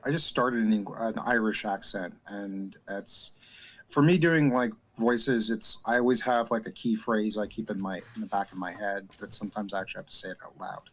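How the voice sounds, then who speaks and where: Low-voiced man, halting casual talk. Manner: halting, many "uh" fillers and repeated starts. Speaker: game master. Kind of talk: casual chat.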